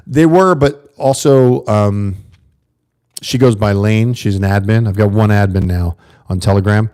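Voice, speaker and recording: Casting: American man, livestream host, low mellow voice, rambling and chatty with viewers. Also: moderate pace. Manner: rambling, talks to viewers and reads chat. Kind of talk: casual livestream monologue.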